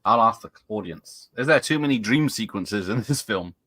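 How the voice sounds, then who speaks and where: A man's voice: lowish voice, lively intonation, moderate pace, pushed and bright, no room sound. A man chatting casually on a home mic during a movie watch party, joking and laughing a lot. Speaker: podcast co-host. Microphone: home computer mic with speakers on.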